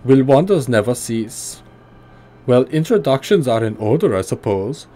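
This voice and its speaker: A man voicing a stout, gruff but kindly old tinkerer with a heavy put-on German accent, reading game dialogue. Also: mid-range voice, very animated, unhurried, dark tone, pitched above the performer's own voice. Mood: gruff friendly.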